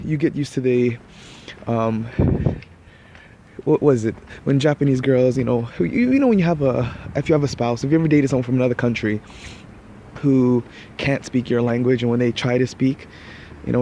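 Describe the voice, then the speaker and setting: A man's voice: medium pitch, gravelly, mellow. Brief: man, casual vlog anecdote, meandering delivery with many restarts, mid-range voice, faint street traffic behind. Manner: rambling, restarts often, laughs at his own story. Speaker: vlogger. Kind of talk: casual storytelling.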